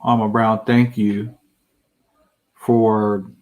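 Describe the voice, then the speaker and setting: A man's voice: on the low side, little pitch movement, very slow, darkish tone. A man co-hosting a podcast, speaking earnestly and often restarting and repeating words as he gathers his thoughts. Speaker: podcast co-host. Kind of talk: casual podcast discussion.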